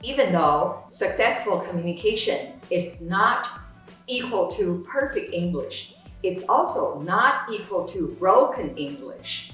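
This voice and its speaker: Slow, lively-voiced woman lecturer. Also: fairly low pitch. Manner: explanatory, lecture-like. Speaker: course instructor, sociolinguist. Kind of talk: teaching dialogue. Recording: roomy echo, distant mic, faint music.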